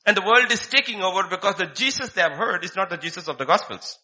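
A man's voice: high-pitched, lively intonation, fast, pushed and bright. A man preaching a sermon, emphatic and repetitive, firing off rhetorical questions. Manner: emphatic, repeats key phrases, rhetorical questions.

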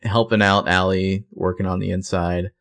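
Speaking deeply with little pitch movement, this man keeps a moderate pace and a slightly bright sound. As a podcast co-host, he casually walks through a TV episode scene by scene, using fillers and correcting himself along the way.

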